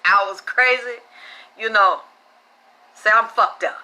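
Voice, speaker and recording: A woman's voice: mid-range voice, slow pace. Blunt, foul-mouthed woman spiritual reader. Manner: animated, blunt, swears freely. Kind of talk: casual profane storytelling.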